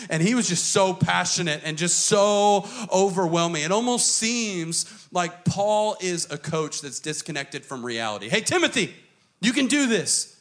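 A man preaching a sermon to a church congregation, emphatic and dramatic, switching between quick runs and slow, stressed phrases. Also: sits high, a bit bright. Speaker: pastor.

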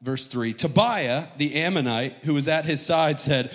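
An American man preaches from a church stage, reading scripture dramatically and cracking jokes between the verses. His voice sits a little high, and a long reverb from the hall trails after each phrase. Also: a little slow, fairly bright tone. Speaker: pastor. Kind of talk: sermon.

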